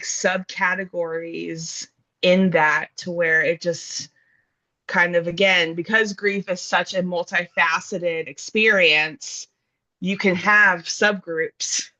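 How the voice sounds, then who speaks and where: A woman's voice: fairly low pitch, pushed and bright, dull audio. A woman in an earnest, casual conversation about grief, thinking aloud with fillers and restarts. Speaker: guest speaking on grief.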